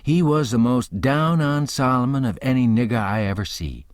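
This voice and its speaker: A man reading an audiobook and voicing a stubborn, earnest grown man who argues slowly and insistently in thick folksy dialect. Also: mid-range voice, no room sound, studio quality, close to an everyday voice. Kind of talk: audiobook character voice.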